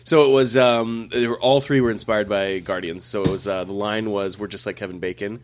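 A man in casual group banter about movies and games, excitable and quick to swear. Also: fairly low pitch.

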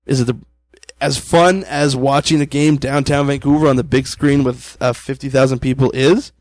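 A man's voice: mid-range voice, steady tone, moderate pace, a little mellow, no echo, rough recording. A man from Canada co-hosting a casual podcast, opinionated and casual, swearing now and then. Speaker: podcast co-host.

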